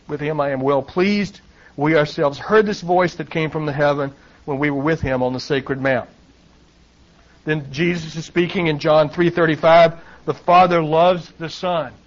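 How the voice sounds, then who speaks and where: Man, middle-aged, pastor's sermon, fairly high-pitched, scripture readings with wry asides, dull lo-fi recording. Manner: reads scripture aloud, wry asides with chuckles. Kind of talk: sermon, Bible teaching.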